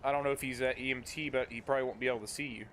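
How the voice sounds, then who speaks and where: A man streaming a roleplay game, chatting casually between hesitant pauses and laughs. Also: medium pitch, fairly even intonation, fairly bright tone, slight background noise. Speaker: streamer playing a roleplay server. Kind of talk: casual gaming chat.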